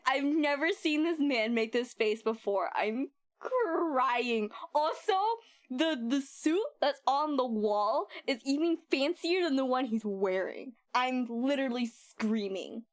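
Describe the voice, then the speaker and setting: A woman streaming a game, reacting in gushing, excitable bursts, shouting and laughing. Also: high voice, takes it slowly, faint music behind.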